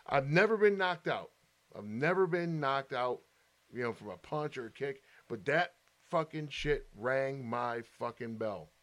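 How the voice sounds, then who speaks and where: A man telling a wild fight story in casual chat, swearing constantly and animated. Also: mid-range voice, unhurried.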